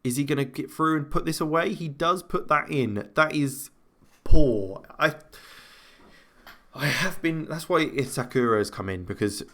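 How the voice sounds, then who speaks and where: Excitable man commentating a football game. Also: a little high, moderate pace. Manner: excitable, jumps to loud cheers at goals; laughs often, talks to himself. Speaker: gaming commentator. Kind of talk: casual let's-play commentary.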